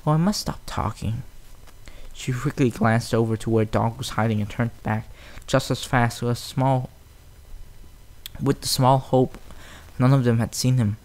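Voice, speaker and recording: A man's voice: medium pitch, flat delivery, measured pace, darkish tone. A man narrating a fan story aloud, plain reading with occasional restarts.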